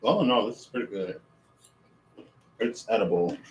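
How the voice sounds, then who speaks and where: A man's voice: lowish voice, animated, normal speed. Rambling man chatting in an echoey kitchen. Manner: rambling, self-amused, talks with mouth full. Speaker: streamer. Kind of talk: casual livestream chat while cooking and eating.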